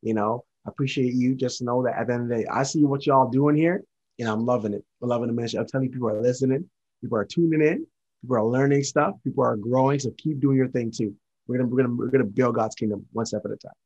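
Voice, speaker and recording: A man's voice: mid-range voice, darkish tone, lo-fi sound. A man sharing his faith testimony as a podcast guest, earnest and repetitive. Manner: earnest, repetitive, fast-talking.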